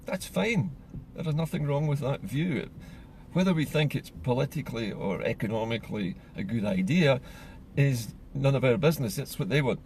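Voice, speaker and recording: A man from Scotland giving an earnest, measured solo monologue as a political commentator. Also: medium pitch, lively intonation, darkish tone, slight background noise.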